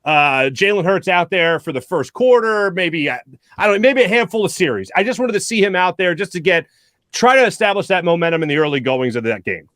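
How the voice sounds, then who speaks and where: A man hosting a postgame sports talk show, animated and rambling, often restarting his sentences. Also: high-pitched, brisk, dry recording, clean studio sound. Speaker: host.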